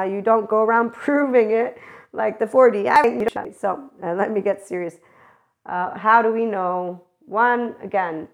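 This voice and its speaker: Casting: woman host with a creaky, gravelly tone, rambling spiritual monologue, acts out quotes. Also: medium pitch. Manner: rambling, animated, acts out quoted voices, laughs often. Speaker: spiritual channeler and podcast host.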